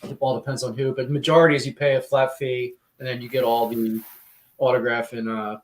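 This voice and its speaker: A man tells chatty stories on a podcast, laughing as he goes. His voice carries a roomy echo. His pitch sits in the middle of the male range. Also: level tone, brisk. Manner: chatty storyteller who laughs often. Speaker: podcast co-host and wrestling promoter. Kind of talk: casual podcast chat.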